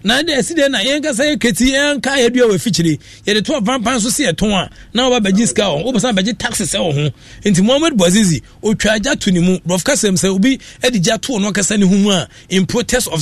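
A man's voice: high-pitched, dry recording. A Ghanaian man hosting a radio show, giving rambling casual commentary that mixes Akan and English.

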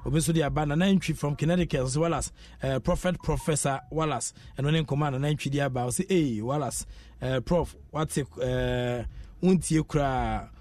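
A man's voice: fairly high pitch, moderate pace, darkish tone, dry recording. A man with a Ghanaian accent hosting a radio sports show, reading out listener messages in a chatty way and dropping in local phrases. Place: radio studio.

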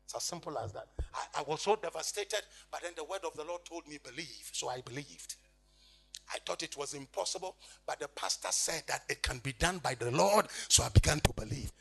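A man preaching an impassioned sermon, swinging between quiet reading and shouting. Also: fairly high pitch, animated, fairly quick, creaky, husky, faint music behind.

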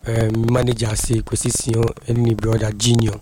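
A man's voice: medium pitch, flat delivery, moderate pace, noisy background. A Ghanaian boxer in a casual radio interview, rambling and apologetic as he mixes English and Twi. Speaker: boxer interviewed after a fight.

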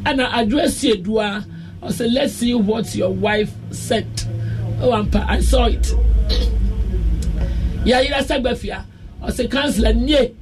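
A woman's voice: a little high, slow pace, pauses often, over music. A Ghanaian woman hosting a casual radio show, reading listener messages aloud and laughing playfully. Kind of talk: casual radio chat, mixing Twi and English. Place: radio studio.

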